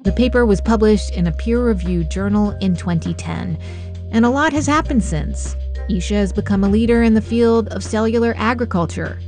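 A woman hosting a radio show, narrating a scripted story in a clear, measured way. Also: mid-range voice, a little mellow. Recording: music bed under the voice.

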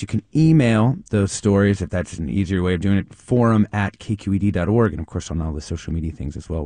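A man hosts a public radio interview from a studio mic. His voice sits low and the sound is close and dry. He speaks in a measured way and invites callers. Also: no echo. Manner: measured, with frequent soft acknowledgments. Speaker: radio talk show host. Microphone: studio microphone.

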